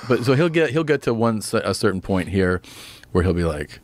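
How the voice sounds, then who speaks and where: A man's voice: on the low side, very animated, fairly quick. A man on a podcast telling rambling anecdotes in casual chat and acting out the quotes. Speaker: podcast guest.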